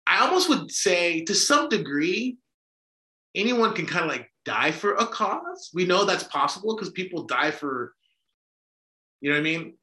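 A podcast co-host talks emphatically and discursively in conversational discussion, often checking in with "right?". His high, sing-song voice has a sharp tone and an unhurried pace, recorded in an echoey room.

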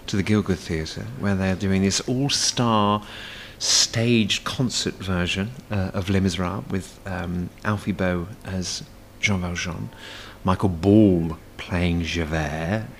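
A man's voice: low-pitched, steady tone, slow pace, few pauses, slight background noise. A man, a stage performer, chatting as a guest in a casual cafe interview, rambling with many fillers and restarts.

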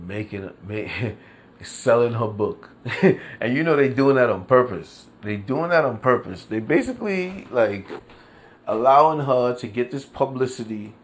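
Animated, laughing man ranting solo. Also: medium pitch, a little slow, a little hiss or hum. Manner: animated, laughs often, swears freely; New York street slang. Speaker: podcast host. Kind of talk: casual solo commentary.

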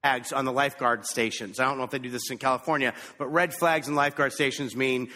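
A man preaching a sermon, telling a lively, self-mocking story about himself. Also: mid-range voice, quick pace. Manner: animated, self-mocking anecdote. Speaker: pastor. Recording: echoey hall.

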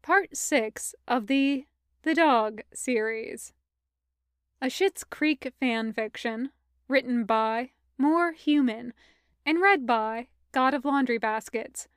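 A woman reading a fan fiction story aloud in an even, measured narration. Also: high voice, clean tone, dry recording, studio quality. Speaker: fan fiction audiobook reader.

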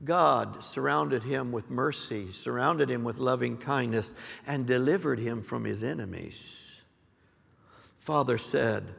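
A man's voice: medium pitch, slow pace, vocal fry, fairly bright tone, breathy edge. A middle-aged male senior pastor preaching a live sermon, building his points through repeated, rising declarations. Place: large church sanctuary. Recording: live recording with long hall reverb.

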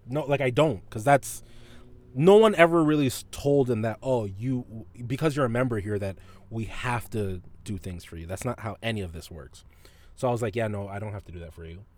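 Animated, profane man telling a story. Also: on the low side, no room sound. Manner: profane, laughs often, animated retelling. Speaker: podcast host. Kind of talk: casual storytelling monologue.

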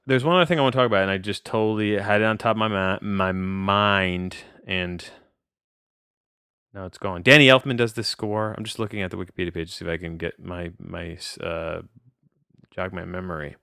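Rambling man, somewhat low voice. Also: fairly quick, smooth, dry recording, clean studio sound. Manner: rambling, self-interrupting, easily excited. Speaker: podcast movie reviewer. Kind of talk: casual film review chat.

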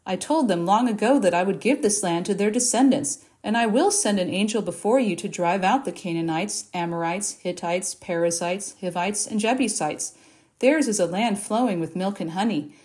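A woman reading a Bible passage aloud in a measured, expressive way, lifting her voice for the quoted speeches. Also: mid-range voice. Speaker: Bible reader. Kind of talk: scripture reading.

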